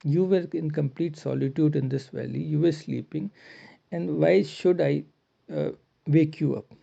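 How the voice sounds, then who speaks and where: A man's voice: fairly high pitch, steady tone, unhurried, creaky, mellow. A man teaching a poem, reading each verse line and then paraphrasing it in simple words. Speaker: literature teacher. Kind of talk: line-by-line poetry explanation. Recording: dull lo-fi recording.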